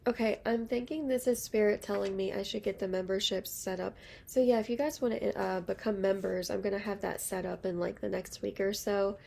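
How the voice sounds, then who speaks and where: A woman's voice: medium pitch, fairly even intonation, fairly quick, creaky, few pauses, a little mellow. A young woman giving a casual, rambling tarot reading to her viewers. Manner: chatty, rambling, lots of fillers. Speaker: tarot reader.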